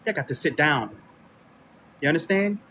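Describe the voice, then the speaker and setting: Fiery, animated American man ranting. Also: a little high, moderate pace, slight background noise. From United States. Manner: confrontational, preachy, addresses listeners directly. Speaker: online radio host. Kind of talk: heated commentary monologue.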